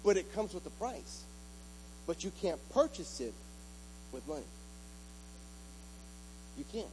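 A man delivers a sermon in a church, his voice sitting high for a man. He moves between soft, close talk and loud, climbing preaching. A faint electrical hum runs underneath. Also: sing-song, a little slow, rough recording. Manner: builds from quiet talk to loud, rising preaching. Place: church with an altar.

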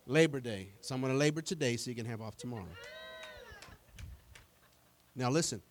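A middle-aged man preaching a sermon as pastor, talking plainly and conversationally, with stammered restarts and bursts of animated, acted-out quotes. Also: medium pitch, a little fast.

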